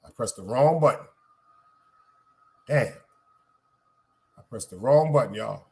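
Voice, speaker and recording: A man's voice: medium pitch, animated, slow, creaky, warm tone. A man from Brooklyn with a Brooklyn accent, hosting a live podcast stream in casual, profane, rambling chat aimed straight at his viewers. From Brooklyn, New York.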